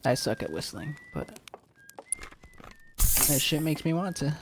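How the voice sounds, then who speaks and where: A man's voice: fairly high pitch, very animated, unhurried, noisy background. A man streaming a game, commenting casually and bluntly and swearing freely.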